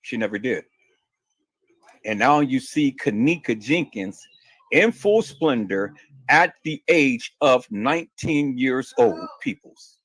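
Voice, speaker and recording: A man's voice: medium pitch, very animated, takes it slowly, a bit bright, dry recording. A man hosting a livestream and answering viewer questions, emphatic and insistent, often stammering and repeating words. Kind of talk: heated livestream talk.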